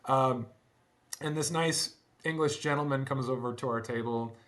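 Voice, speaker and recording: A middle-aged man speaking as an interview guest, telling stories in a casual, animated way, laughing often and restarting his sentences. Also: mid-range voice, normal speed. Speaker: guest, former band drummer. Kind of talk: casual conversational storytelling.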